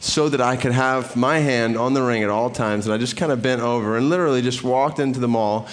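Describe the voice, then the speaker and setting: Male preacher, middle-aged, storytelling sermon, mid-pitched voice. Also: a little fast. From Atlanta area, US. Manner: storytelling, animated retelling.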